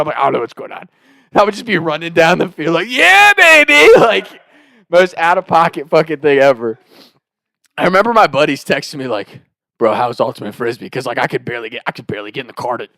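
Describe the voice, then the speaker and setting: Animated, profane young man telling a story. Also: a little high, no echo. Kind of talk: casual storytelling.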